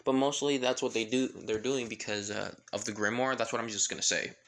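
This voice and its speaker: A man's voice: lowish voice, fairly even intonation, brisk, creaky, fairly bright tone. A man casually narrating a fan-made story, rambling with many fillers and self-corrections.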